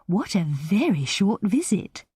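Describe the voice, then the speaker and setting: A woman voicing a shy young woman who laughs easily, speaking in a soft, breathy, airy whisper. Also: mid-range voice, sing-song, unhurried, dry recording, full character voice. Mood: wistful. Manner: gentle, airy, light.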